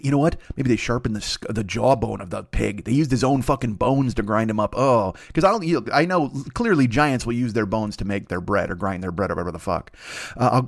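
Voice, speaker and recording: A man's voice: no echo, clean studio sound. A man hosting a comedy podcast, rambling through a profane comic riff and jumping into character voices. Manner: rambling, heavy swearing, acts out characters with jumps in pitch. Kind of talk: profane comic riffing monologue.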